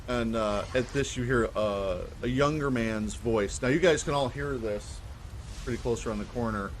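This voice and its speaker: A man's voice: medium pitch, normal speed, slight background noise. A man narrating a tabletop game as game master, in a casual, hesitant way with many fillers.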